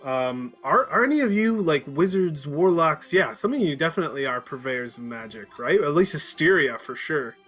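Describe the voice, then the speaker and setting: A man narrating as game master of a tabletop game, relaxed and chatty with many fillers. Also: fairly high pitch, moderate pace, hardly any pauses, soft background music. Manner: relaxed, chuckling, filler-heavy.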